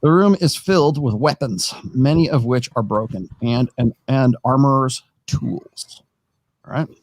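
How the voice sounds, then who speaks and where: A man's voice: mid-range voice, measured pace, no echo. A man narrating as game master of a tabletop game, rambling and thinking aloud as he sets up the map.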